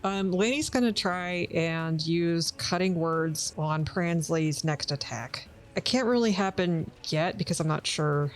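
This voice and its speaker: A woman's voice: fairly low pitch, measured pace, hardly any pauses, soft background music. A woman playing a tabletop game, giggly and easygoing. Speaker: player. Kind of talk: casual tabletop game chat.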